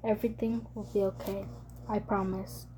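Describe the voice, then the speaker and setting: A woman voicing a gentle, protective young man who reassures softly and teases in an audiobook reading. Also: mid-range voice, level tone, normal speed, background noise, close to an everyday voice. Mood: reassuring. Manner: soft, reassuring, teasing.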